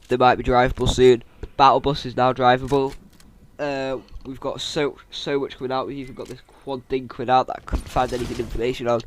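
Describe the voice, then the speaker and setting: A man, chatting casually through game news as a YouTuber, with jokey asides and a fairly monotone delivery. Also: medium pitch, a little hiss or hum. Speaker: gaming YouTuber. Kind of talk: casual game-news commentary over gameplay.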